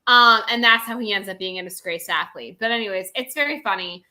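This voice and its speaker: A woman co-hosting a casual chat show, talking in a gushing, animated way. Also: mid-range voice, fairly quick. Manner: gushing and animated, frequent laughs. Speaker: co-host.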